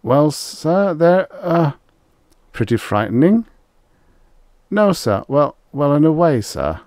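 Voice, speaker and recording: A man's voice: lowish voice, expressive, moderate pace, mellow, no room sound, studio quality, pitched above the performer's own voice. A man voicing a frightened male hunter who stammers and pleads. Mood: nervous.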